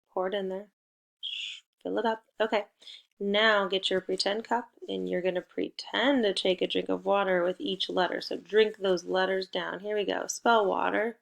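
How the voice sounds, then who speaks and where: A woman teaching a recorded phonics lesson for young children. She spells letters out slowly and leads a playful call-and-response. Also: mid-range voice, vocal fry, a bit bright.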